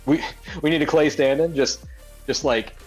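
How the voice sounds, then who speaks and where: A man co-hosting a casual gaming news podcast, animated and jokey, often talking over his partner. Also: a little high, moderate pace, slightly rough, faint music behind. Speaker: podcast co-host.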